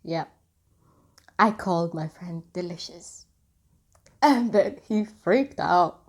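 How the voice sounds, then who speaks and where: A woman's voice: lowish voice, expressive, takes it slowly. A young woman vlogger telling a story to the camera in a casual, rambling way, with lots of filler words. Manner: rambling and chatty, full of "like" and "anywho".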